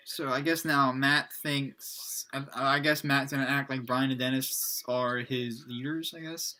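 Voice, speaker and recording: A young man casually reading his own old story aloud, halting and self-mocking with many restarts. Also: medium pitch, steady tone, bright, forceful tone. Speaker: reader of his own book. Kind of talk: casual read-aloud with commentary.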